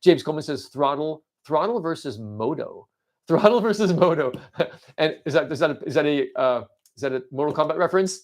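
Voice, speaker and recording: Excitable man hosting a toy-battle stream. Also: fairly high pitch, fairly quick. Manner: excitable, rambling, with frequent restarts and shouting cheers. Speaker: livestream host. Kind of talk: livestream toy-battle commentary.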